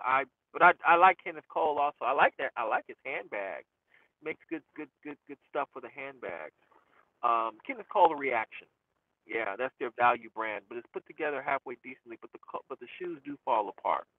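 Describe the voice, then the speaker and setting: A man's voice: a little high, no room sound. Chatty man with a tinny, dry sound. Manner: chatty, self-amused, trails off with fillers. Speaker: rideshare driver and channel host. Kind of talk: casual talk to camera answering viewer questions. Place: inside a car.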